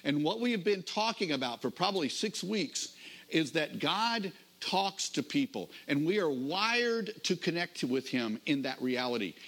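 A middle-aged man, a pastor, preaching a sermon in a conversational storytelling manner, slowing down to stress key phrases. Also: sits high, a bit bright.

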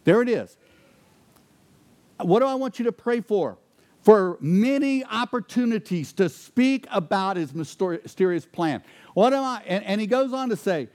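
A man preaching a sermon, asking rhetorical questions and dropping to quiet intensity for emphasis. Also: sits high, expressive, moderate pace. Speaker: pastor.

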